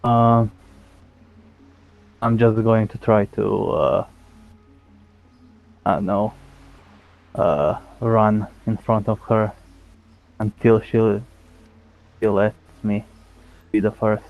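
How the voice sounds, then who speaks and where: A man's voice: fairly low pitch, fairly even intonation, drawn-out words, vocal fry, pauses often, phone-quality sound, faint music behind. A man playing a tabletop game who speaks hesitantly, with many fillers. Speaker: player.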